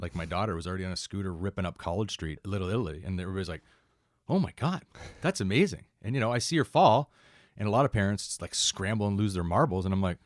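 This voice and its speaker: A man's voice: sits low, no echo, clean studio sound. A Canadian man in his forties, a fire captain and paramedic, telling stories in a casual interview and jumping into quoted voices. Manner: animated, jumps into quoted voices.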